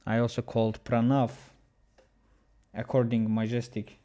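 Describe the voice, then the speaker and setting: Halting male chess streamer. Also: medium pitch, flat delivery, dark tone. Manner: halting, with many restarts, chatting with viewers. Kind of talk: casual livestream chat.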